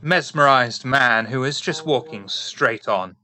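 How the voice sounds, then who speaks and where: A man's voice: mid-range voice, a little slow. A man running a tabletop horror game as game master, narrating and joking with the players. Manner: playful, joking, lively narration.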